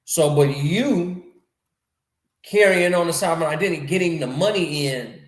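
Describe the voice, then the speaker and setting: A man with a fairly high voice hosts a loose, animated chat, leaning on slang and circling back on his own phrases. The room has a clear echo around him. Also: normal speed. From North America. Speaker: podcast host. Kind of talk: casual conversation. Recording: echoey room.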